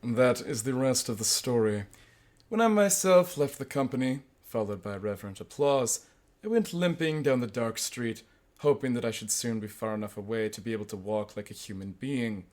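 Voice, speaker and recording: A man voicing an older male professor who tells his story with a dry, wry wit, in a measured delivery with sudden bursts of pitch. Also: animated, a little mellow, lightly acted. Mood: droll. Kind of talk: audiobook character voice.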